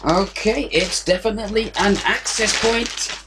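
A man's voice: high voice, measured pace. Rambling man unboxing at home. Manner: rambling, self-deprecating, thinking aloud. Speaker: vlogger unboxing a package. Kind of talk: casual unboxing chat. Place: hot indoor room with a fan running. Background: fan noise.

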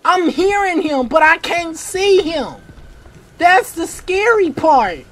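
Panicky high-voiced horror gamer. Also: big pitch swings, takes it slowly. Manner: panicky, repeats short exclamations, bursts into shouting; casual slang-filled talk. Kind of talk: horror game let's-play commentary.

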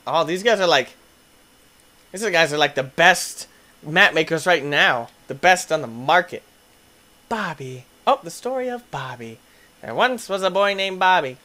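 A man's voice: fairly high pitch, measured pace. A man giving playful let's play commentary, yelping, laughing and chatting with the characters on screen. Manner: excitable, yelps and laughs, talks to game characters. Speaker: gaming YouTuber.

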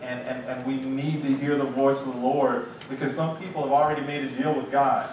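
A man, a pastor, leading a Bible study and teaching in an animated, lively way with acted-out asides. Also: mid-range voice, fairly quick, hardly any pauses. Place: church sanctuary. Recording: echoey room, distant mic, faint hiss.

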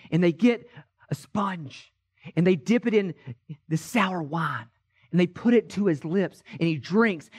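A high-voiced man delivers an Easter sermon as pastor. He moves between quiet, drawn-out lines and passionate shouts. The sound is of a church service. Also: slightly rough. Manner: impassioned, swings from hushed to shouted. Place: church sanctuary.

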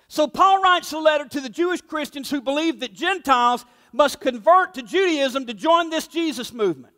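A man's voice: very high-pitched, lively intonation, moderate pace, few pauses, bright, forceful tone, big-room sound. A male pastor preaching a sermon, emphatic and conversational, acting out the voices in his stories. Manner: emphatic, conversational, acts out quotes.

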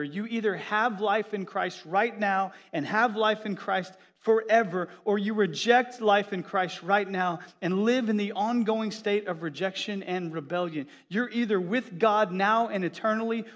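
A middle-aged man, a pastor, preaching a sermon in a church with a lively, joking storytelling manner. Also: high voice.

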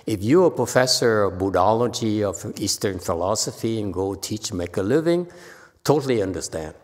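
A man's voice: lowish voice, moderate pace, in a large hall. A man, a Buddhist monk, giving an informal sutra lecture and acting out the people in his stories. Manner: animated storytelling, acting out quotes. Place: temple lecture hall.

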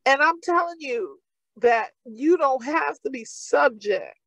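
A woman's voice: high voice, animated, slow pace, gravelly, fairly bright tone, no room sound, poor audio. A woman pastor with a New York accent, preaching a sermon with fervent, repeated calls.

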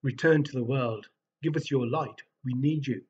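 A man's voice: mid-range voice, normal speed, husky, muffled recording, natural voice. A man voicing a brave little cockerel in a told story, earnest and pleading.

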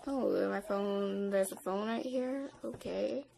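A woman narrating a toy play story casually, playful and dramatic, swinging between whispers and excited shrieks. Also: mid-range voice, takes it slowly, vocal fry.

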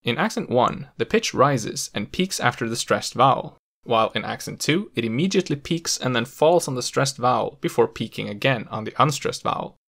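A man narrating a scripted language lesson, explaining clearly with the odd playful aside. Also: mid-range voice, lively intonation, moderate pace, few pauses, fairly bright tone. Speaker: language educator.

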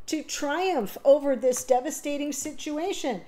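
Mellow-voiced woman giving an emotional tarot reading. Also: high voice, normal speed, hardly any pauses. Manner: emotional, rambling, with fillers and self-corrections. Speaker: tarot reader. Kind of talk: casual spoken tarot reading.

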